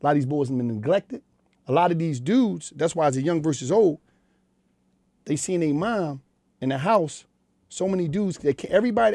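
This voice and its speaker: A middle-aged man with a Philadelphia accent speaks as a radio guest in a studio, his voice a little high and warm, recorded dry. He tells street stories bluntly and profanely in candid interview talk.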